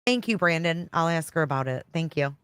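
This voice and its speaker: A woman's voice: low-pitched, expressive, fairly quick, fairly bright tone, smooth, no room sound, studio quality. A woman hosting a live stream, chatting casually and reading out viewer comments as she reacts to a clip. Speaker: livestream host reacting to a clip.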